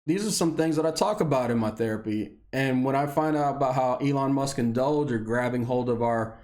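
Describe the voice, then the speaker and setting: A man in his thirties from Indiana, a military veteran, delivering an unscripted, profane personal rant that swings between heated anger and low, weary tones. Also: fairly quick, darkish tone. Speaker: video blogger, military veteran.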